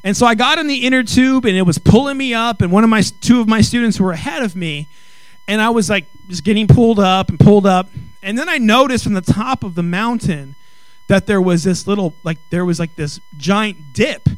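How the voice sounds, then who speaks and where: A middle-aged male pastor preaching a sermon with comic storytelling, animated and acting out dialogue. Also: high-pitched, a little fast, clean tone, no echo, rough recording. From Mexican heritage. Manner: animated, acts out quoted dialogue, rising to exclaim.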